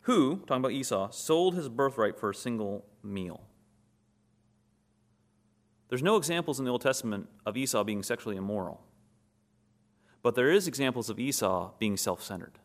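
A man's voice: mid-range voice, expressive, normal speed, long pauses. A man preaching a sermon, who asks his listeners questions, answers them himself and acts out short scenes in quoted voices.

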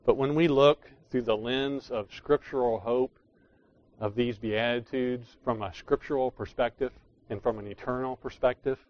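A man's voice: mid-range voice, fairly even intonation, moderate pace, dull audio. A man preaching a sermon, explaining scripture in an emphatic way that leans hard on key words. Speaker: pastor.

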